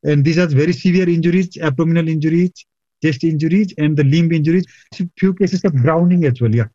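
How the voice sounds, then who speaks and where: Hospital chief from Nepal, halting phone interview, muffled dry sound. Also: male voice, a little high, warm tone, no echo. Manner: halting, many fillers. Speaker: hospital medical superintendent. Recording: dull lo-fi line, dry.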